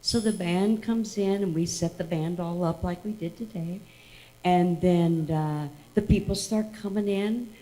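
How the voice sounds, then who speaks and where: A woman's voice: on the low side, measured pace, dark tone, low-quality recording. A woman telling a tribute story to an audience at an event, acting out the dialogue as she goes. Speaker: tribute speaker.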